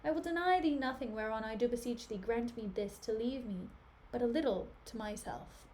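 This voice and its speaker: A woman voicing a grumpy, impatient nobleman husband, lowering her voice and speaking curtly during a live-stream reading. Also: moderate pace, darkish tone, slight background noise, natural voice. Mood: annoyed. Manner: low, annoyed and curt.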